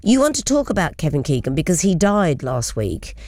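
A woman hosts a talk show, telling stories in a chatty way, often close to laughter. Her voice sits a little low for a woman. The recording is dry and close, with no room sound. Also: sing-song, fairly quick, darkish tone, no room sound. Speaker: radio host. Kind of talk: casual chat.

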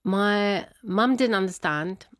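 A woman's voice: mid-range voice, slow, dry recording, clean studio sound. A woman being interviewed, chattily retelling a family story and acting out the dialogue. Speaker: interview guest. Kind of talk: personal storytelling.

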